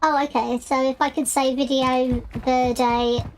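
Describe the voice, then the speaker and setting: A woman with a fairly high voice chats on a live game stream, wandering between thoughts and interrupting herself. Loud game gunfire and clicks run underneath her talk. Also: level tone, a little slow, a little hiss or hum. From United Kingdom. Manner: rambling, self-interrupting, chatty. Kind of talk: casual chat while gaming.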